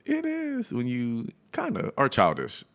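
A young man co-hosting a podcast in loose, laid-back chat, laughing often and slowing down when reading out details. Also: mid-range voice, huge pitch swings, a bit bright. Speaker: podcast co-host. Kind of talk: casual chat.

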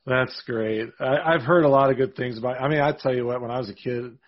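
Raspy male interviewer, eager. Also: medium pitch, fast, highs cut off. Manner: eager, short backchannels, enthusiastic fan. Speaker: interview host. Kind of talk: casual interview.

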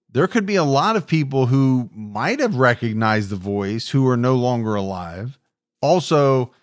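A man hosting a true crime podcast, narrating and discussing the case in a steady, reflective way. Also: mid-range voice, no echo, clean studio sound. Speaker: podcast host.

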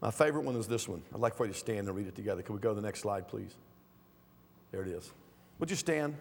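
A middle-aged male pastor preaching a sermon in a church, swinging from calm low teaching to loud pleading. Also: quick pace, vocal fry, husky. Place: church sanctuary. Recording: reverberant hall.

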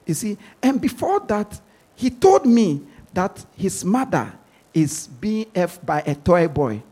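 Husky, animated preaching man. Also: high voice, slow. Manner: emphatic, repeats words while pressing a point. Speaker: pastor. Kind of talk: sermon.

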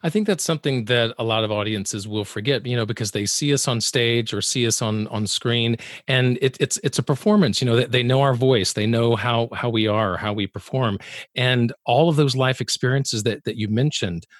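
A man's voice: medium pitch, normal speed, no room sound. Reflective male interviewer, dry sound. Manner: reflective, with restarts and "you know". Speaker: interviewer, host. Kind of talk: interview conversation.

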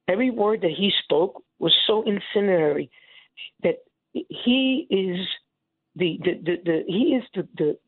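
An emotional man calls in to a radio show and speaks in an impassioned, halting way full of restarts. His voice is husky and gravelly, and it comes through a tinny phone line. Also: sits high, dry recording. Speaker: caller. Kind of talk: call-in radio caller.

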